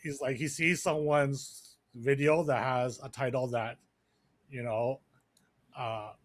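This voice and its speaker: A man co-hosts a podcast in loose, casual chat, rambling through thoughts with plenty of fillers and restarts. His voice sits at a middling pitch and is recorded dry and close, with no room sound. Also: steady tone, slow, no room sound. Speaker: podcast co-host.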